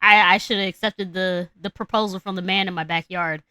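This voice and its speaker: A woman's voice: medium pitch, steady tone, brisk, bright, forceful tone, smooth, no room sound, natural voice. A woman doing a sassy storybook princess. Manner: sassy, dismissive. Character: sassy young fairy-tale princess.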